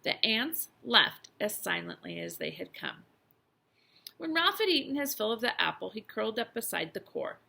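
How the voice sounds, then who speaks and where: A woman teacher reads a chapter book aloud, her pitch rising and falling expressively. Her bright, forceful tone carries a gravelly rasp. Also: moderate pace. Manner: expressive storytelling with lively emphasis. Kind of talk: reading a children's novel aloud.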